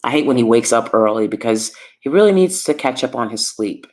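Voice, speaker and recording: A woman's voice: extremely low pitch, expressive, fairly quick, a little mellow. A woman vlogger giving opinionated commentary to her viewers from downstairs at home, emphatic and repeating lines for effect.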